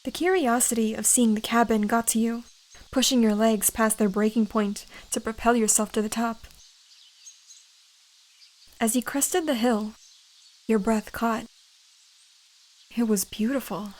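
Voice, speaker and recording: Woman reading fanfic soft and gentle, whispered role-play, kinda high voice. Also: steady tone, unhurried, long pauses. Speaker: fanfiction reader.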